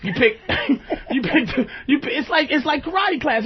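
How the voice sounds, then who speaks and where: A man's very high-pitched, sing-song voice rolls along unhurriedly as he hosts a radio talk show, joking loosely and often asking if the listener follows. The recording has a lo-fi radio quality.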